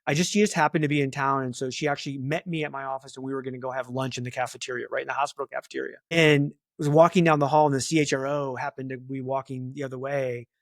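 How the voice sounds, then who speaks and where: A middle-aged man talking as a guest in a casual interview, chatty and animated, full of filler words. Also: medium pitch, quick pace, hardly any pauses, dry recording, studio quality. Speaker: talent acquisition leader, guest.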